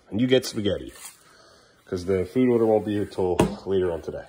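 A tired father chatting casually with his young kids in the kitchen of the family home, weary and exasperated, sometimes raising his voice and often trailing off low and mumbly. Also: lively intonation, brisk, warm tone, breathy edge. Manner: raises his voice at a defiant child.

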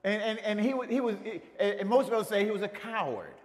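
A man pastor preaching a sermon, animated, often restarting phrases and acting out quotes. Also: high-pitched, fast talker, few pauses, long reverb tail. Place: church sanctuary.

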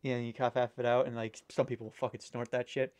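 A man's voice: medium pitch, level tone, quick pace, darkish tone. A man chatting casually while ranking candy, rambling and swearing now and then. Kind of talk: casual chat.

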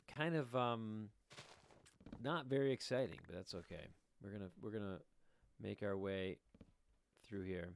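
In a clean, mid-range voice, a middle-aged gaming video host records rambling let's-play commentary from a room at home. He's casual and jokey, talking to viewers while he plays.

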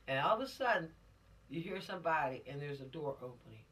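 Woman cop lecturer, bright, punchy, dramatic teller, slightly distant recording. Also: low-pitched, fast. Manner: dramatic, animated storytelling with rhetorical questions. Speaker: police officer teaching teens. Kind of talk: law lesson for teenagers.

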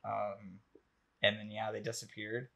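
Gravelly dude hosting a chill podcast, rambles a lot, gets hyped. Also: male voice, on the low side, unhurried. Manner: excited, rambling with many ums and likes. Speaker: podcast host. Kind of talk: casual chat.

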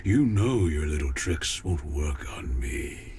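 An actor playing a scheming shark casino boss with a deep bass voice and a hushed, menacing manner. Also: male voice, big pitch swings, slow pace, exaggerated voice.

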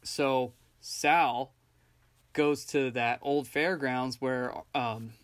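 A man's voice: medium pitch, fairly even intonation, drawn-out words. A man co-hosting a film podcast, casually retelling scenes and acting out quoted lines. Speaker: podcast co-host.

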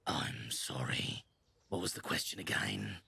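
An actor playing a serene, peace-loving male villager in a game, speaking in a hushed half-whisper. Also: rumbling low, expressive, a little slow, creaky, husky, no room sound, exaggerated voice. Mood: grumbling. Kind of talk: video game voice acting.

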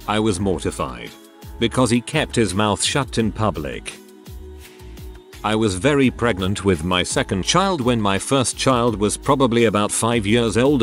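A man narrating online stories in a scripted read, spelling out abbreviations letter by letter. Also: on the low side. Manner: reads text out literally, abbreviations spelled letter by letter.

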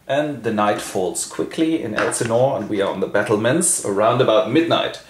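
A man from Germany with a German accent, hosting a comic literary summary with wry, deadpan asides. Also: fairly low pitch, moderate pace, roomy sound. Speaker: host and narrator.

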